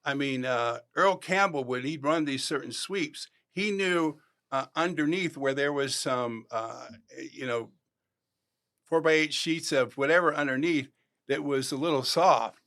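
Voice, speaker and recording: Animated storytelling older man. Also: fairly high pitch, a little slow. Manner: animated anecdotes, acts out quoted voices. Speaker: podcast guest, former football player. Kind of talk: storytelling interview.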